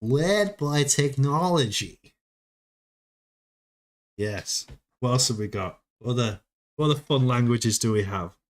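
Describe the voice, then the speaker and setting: A man's voice: lowish voice, normal speed. A man hosting a casual livestream, playfully quizzing a viewer on foreign phrases and cheering him on. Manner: playful, teasing quizmaster who coaxes viewers. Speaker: host.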